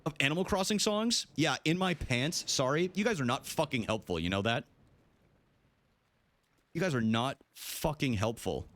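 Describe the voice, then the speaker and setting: A man's voice: medium pitch, normal speed. A young adult man streaming a video game live, chatting casually with his viewers, joking and swearing as he plays. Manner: animated, jokey, swears, talks to chat.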